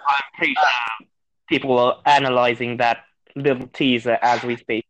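A man's voice: mid-range voice, flat delivery, normal speed, fairly bright tone, rough recording. A man from Mexico with a British-sounding accent, a guest on a casual gaming chat, speaking in a dry and hesitant way. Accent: British-sounding English.

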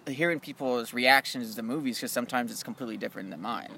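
A young man in casual chat about movies, loose and animated, swearing freely and calling his friend dude and bro. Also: medium pitch, quick pace, gravelly, slight background noise.

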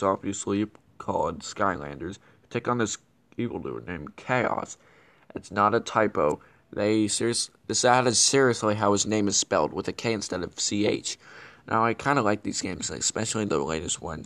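A man's voice: on the low side, a bit bright. A man playing a bumbling, scheming male villain who hosts a comedic web show, rambling and correcting himself as he goes. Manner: rambling, stumbling and self-correcting. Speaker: show host. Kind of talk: comedic character vlog.

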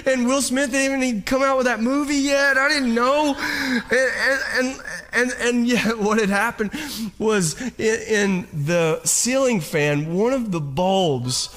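A man's voice: high-pitched, moderate pace, fairly bright tone. A man preaching a sermon to his congregation, telling a personal story with many restarts and repeated words. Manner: speaks straight to the congregation. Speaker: pastor.

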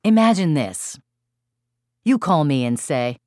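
A woman who leads parenting workshops narrating an audiobook in an expressive, emphatic style. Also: low-pitched, measured pace, dry recording, studio quality. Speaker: author and parenting workshop leader.

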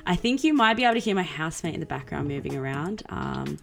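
Podcast host, early twenties, Australian woman, low-pitched, excitable and crude comic delivery. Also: rapid-fire, vocal fry. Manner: excitable, chaotic, swears a lot, swings into silly voices. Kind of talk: casual chat.

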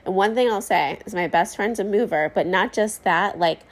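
A woman in her thirties talks in a loose, conversational way, full of fillers and asides. She is pregnant and hosting her own show, telling stories to her listeners at an easy, middle pitch. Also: normal speed. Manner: chatty, rambling, many fillers and asides. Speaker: podcast host. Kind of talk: casual storytelling chat.

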